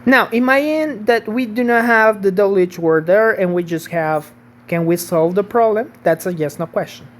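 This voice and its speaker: A woman's voice: medium pitch, normal speed, hardly any pauses. Woman teaching English grammar. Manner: patient, checks in with "okay?" and "right?". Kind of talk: online grammar lesson.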